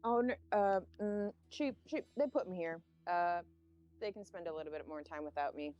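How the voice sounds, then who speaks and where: A woman player in a tabletop game, playful and quick to joke and laugh. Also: on the low side, darkish tone, highs cut off. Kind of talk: in-character tabletop role-play.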